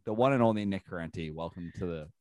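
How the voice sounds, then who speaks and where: A man's voice: low-pitched, fast talker, no room sound. A man co-hosting a podcast, introducing a guest and joking in casual chat. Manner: joking, lively, laughs often. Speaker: podcast co-host.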